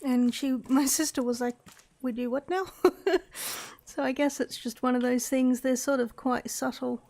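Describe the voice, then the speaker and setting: A woman's voice: high voice, little pitch movement, normal speed, dark tone. An Australian woman giving casual let's-play commentary, chatting and thinking aloud to herself as she plays. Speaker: gaming YouTuber.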